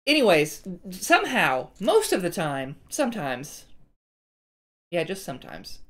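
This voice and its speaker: Lively, low-voiced woman opening cards. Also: a little slow. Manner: chatty and self-deprecating, talks to viewers. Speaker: card-opening channel host. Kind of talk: casual chat while opening card packs.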